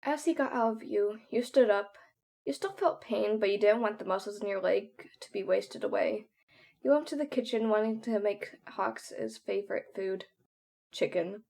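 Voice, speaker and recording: A woman's voice: medium pitch, moderate pace, creaky, mellow. A woman narrating a second-person fan story to the listener.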